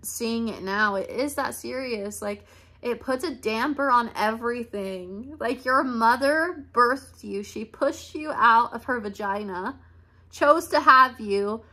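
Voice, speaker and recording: Young woman, bright tone, candid emotional rant, blunt, swearing. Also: on the high side, takes it slowly. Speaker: podcast host. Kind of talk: candid monologue.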